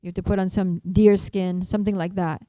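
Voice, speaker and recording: A woman voicing a helpful forest goddess who gives brisk, detailed instructions in a louder voice. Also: mid-range voice, little pitch movement, no room sound, lightly acted, poor audio. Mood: brisk instructing.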